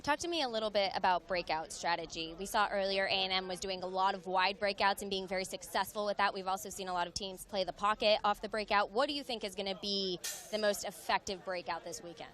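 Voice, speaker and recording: A woman reporter at a sports tournament, asking a player brisk questions after a match. Her voice sits at an ordinary middle pitch. She keeps things moving between questions. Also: a bit bright. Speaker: sideline reporter. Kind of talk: post-match interview.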